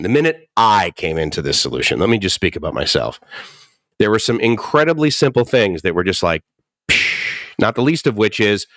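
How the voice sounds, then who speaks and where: A man's voice: fairly low pitch, a bit bright, dry recording, clean studio sound. A man in his fifties in recovery, telling his story candidly and animatedly, often chuckling and acting out quotes. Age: 50s. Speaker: guest speaker in recovery. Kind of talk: candid personal talk.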